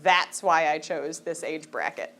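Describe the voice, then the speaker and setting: Lively, bright-voiced woman teacher lecturing. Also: sits low, a little slow. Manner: joking, teasing, asks the class questions. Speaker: high school biology teacher. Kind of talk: classroom lecture. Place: classroom.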